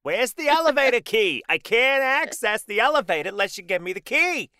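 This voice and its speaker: A man doing a shrieking shrill older woman. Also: very animated, brisk, bright, forceful tone, no room sound, studio quality, full character voice. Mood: yelling. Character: shrill older woman bellowing for her husband.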